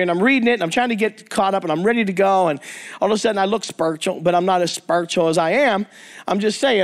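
A man preaching to a men's ministry, telling jokey, animated stories and acting out the people in them. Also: high-pitched. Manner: animated, acts out quoted voices, jokey asides. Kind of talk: energetic storytelling sermon. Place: church or men's meeting hall.

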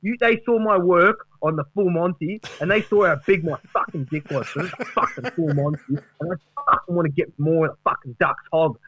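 A man putting on a brash, boastful middle-aged male ex-footballer, loud and swearing. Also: on the high side, fairly quick, hardly any pauses, dry recording, low-quality recording.

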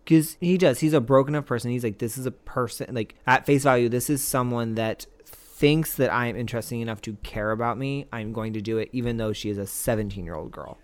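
A man's voice: mid-range voice, brisk, clear, resonant tone. A man co-hosting a podcast in casual chat, retelling scenes and acting out the characters' lines. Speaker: podcast co-host.

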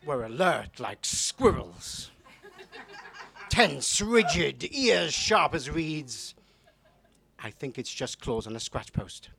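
A man from Newcastle with a soft northern English accent, his voice sitting a touch high. He reads a spoken-word poem live, hesitant and full of ums, then drops to a hushed, intimate delivery. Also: very animated, extremely slow, vocal fry, pauses often, a crowd in the background. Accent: soft northern English, not strongly Geordie. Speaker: comedy poet performer. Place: live venue with audience.

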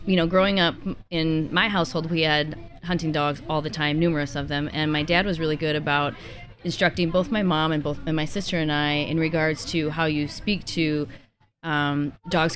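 Earnest woman giving dog advice. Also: deep voice. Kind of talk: casual advice talk.

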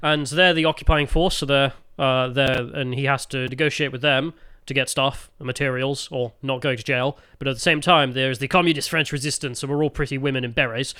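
A man's voice: mid-range voice, steady tone, brisk, few pauses, pushed and bright, clear, resonant tone, no room sound. A man with an English accent co-hosting a podcast, telling stories animatedly and slipping into silly put-on voices. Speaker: podcast co-host. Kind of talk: casual political chat.

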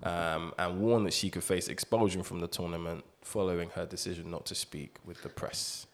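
Low-voiced man. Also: steady tone, moderate pace. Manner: profane, joking, mock-reads quotes. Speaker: podcast host. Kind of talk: casual chat.

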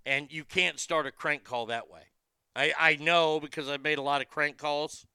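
A man in his fifties hosting a show, chatting casually and bluntly, telling animated stories and acting out callers' voices. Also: a little high, normal speed, smooth, no echo, clean studio sound. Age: 50s. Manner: blunt and profane. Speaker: show host. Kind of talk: casual chat reading viewer comments.

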